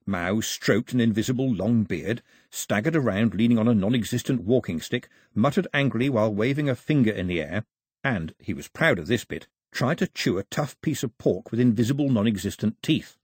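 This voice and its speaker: A man reading a storybook aloud in an expressive, varied narration. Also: lowish voice, brisk, breathy edge, no room sound, clean studio sound.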